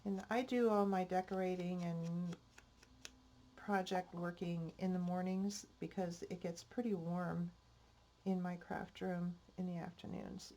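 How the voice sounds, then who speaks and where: Slow, gravelly-voiced older woman crafting. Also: on the low side. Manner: slow, soft-spoken, thinking aloud while working. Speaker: craft channel host. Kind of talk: casual crafting narration. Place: home craft room.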